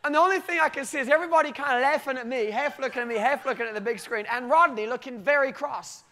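A British man delivers a sermon built around a personal story, his voice sitting very high for a man. He tells it in an animated way and laughs often as he goes. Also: fast talker. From Britain. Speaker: preacher.

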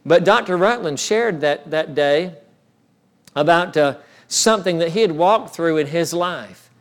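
A man's voice: a little high, a little slow. A male pastor telling a story in a sermon, with frequent restarts that build in intensity. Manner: storytelling, many restarts, rises in intensity when recounting.

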